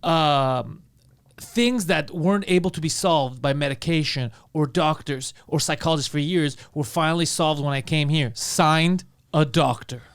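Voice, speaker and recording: A man's voice: fairly high pitch, clean tone. A man co-hosting a comedy podcast, telling a story in casual comic style and acting out the lines of his friends. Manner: rapid, animated, acts out quoted friends. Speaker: podcast co-host.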